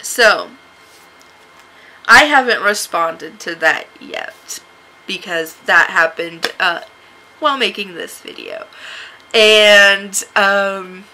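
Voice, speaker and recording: A woman from the United States telling a story to camera in a casual vlog. She is sarcastic, laughs often and jumps to a high, shrill voice when she acts out her own replies. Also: slow, long pauses, sharp tone, poor audio. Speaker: vlogger.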